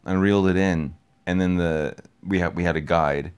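Man, very low voice, young adult, casual rambling monologue, repetitive, excitable, swears casually. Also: normal speed, clear, resonant tone. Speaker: podcast host.

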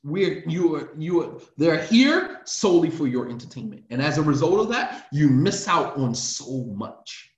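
A man's voice: a little high, sing-song, unhurried, hardly any pauses. A man, an imam, giving an emphatic, impassioned religious class lecture and driving his points home with repetition. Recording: roomy, dull lo-fi sound.

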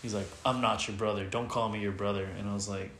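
A man telling a heated story in casual chat, animated and swearing, acting out what others said. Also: lowish voice, quick pace, reverberant, a little hiss or hum. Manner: animated retelling, swears freely, quotes others in voices.

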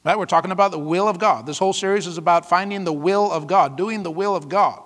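A man's voice: high voice, fast talker, fairly bright tone, big-room sound. A man preaching a sermon as pastor, emphatic, with dramatic exclamations and rhetorical questions to the congregation.

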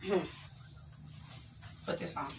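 A woman's voice: slow, noisy background. A woman vlogger telling a personal story in a candid, rambling, profane way, breaking off now and then to scold her child. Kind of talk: casual storytime monologue.

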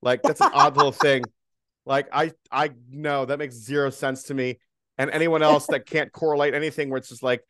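A man's voice: on the high side, fairly bright tone, no echo, clean studio sound. A man co-hosting a casual podcast chat, rambling and teasing with many restarts. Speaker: podcast co-host.

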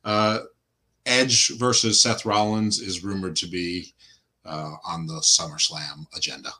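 Lower voiced guy with a bright edge, cohosting a podcast, blunt and crude. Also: little pitch movement, a little slow. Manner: blunt, crude jokes, sarcastic. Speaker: podcast co-host. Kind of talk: casual chat.

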